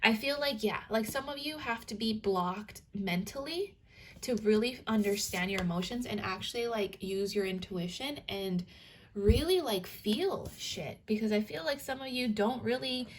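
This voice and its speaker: Fairly high-pitched and moderately paced, a young tarot reader and spiritual coach rambles through a casual reading full of filler words and offhand swearing. A little hiss or hum sits under the recording.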